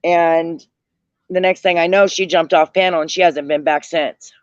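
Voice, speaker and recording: High-voiced tired man telling gossip. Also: fairly even intonation, normal speed, no room sound. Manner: rambling, circles back, retells quotes. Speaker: livestream panel guest. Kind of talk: casual gossip storytelling. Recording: dull lo-fi dry audio.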